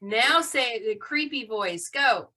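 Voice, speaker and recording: A woman's voice: on the high side, animated, a little slow, pushed and bright. A woman teaching a live online class over a video call, upbeat and full of praise for her students.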